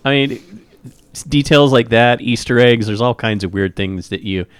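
Male co-host, conversational, mid-pitched, dry close mic. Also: moderate pace, clear, resonant tone, no echo. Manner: chatty, storytelling with groans. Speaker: podcast co-host. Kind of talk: casual podcast chat.

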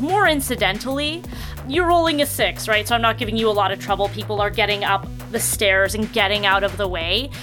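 A woman's voice: mid-range voice, bright, forceful tone. A woman narrating and running a tabletop role-playing game as game master, chatty and full of fillers. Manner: chatty, filler-heavy, enthusiastic.

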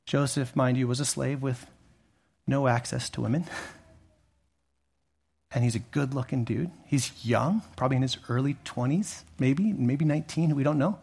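A male pastor preaching a sermon in a conversational way, rising to emphatic peaks and dropping low again, with frequent restarts. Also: moderate pace, creaky, a little mellow, slightly rough.

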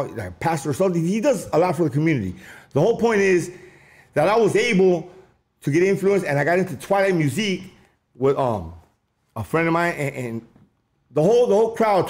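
Man, from Los Angeles area, casual storytelling, slangy, animated, slightly high voice.

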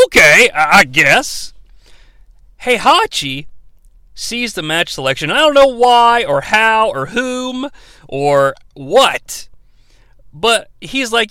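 A man's voice: high voice, bright, forceful tone, no room sound. A man hosting a comedic movie review, recapping the plot with sarcastic, profane asides.

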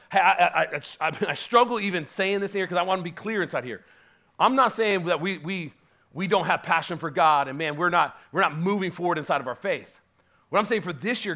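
Male pastor, high voice, fervent sermon delivery that swells to loud climaxes. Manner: impassioned, builds to loud peaks, many restarts.

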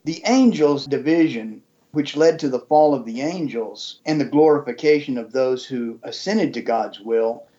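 A man's voice: mid-range voice, normal speed, warm tone, highs cut off. A male host reflectively summing up his guest's points and checking that he understood them. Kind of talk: interview discussion.

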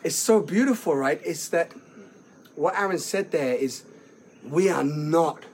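An animated man with a fairly high voice who laughs easily and keeps restarting his sentences as he talks about feelings. A faint hiss sits behind him. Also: a little slow. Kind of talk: casual conversation on feelings.

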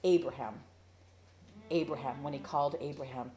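A woman teaching a verse-by-verse Bible study for women, playful and animated, acting out the quotes, then earnest and urgent when she exhorts. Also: on the low side, normal speed. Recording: roomy echo.

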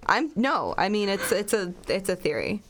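A woman's voice: medium pitch, sing-song, normal speed, a bit bright, slight background noise. A woman co-hosting a casual chat podcast, talking through theories with lots of likes and ums. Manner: chatty, hedging with likes and ums. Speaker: podcast co-host. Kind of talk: casual true-crime chat.

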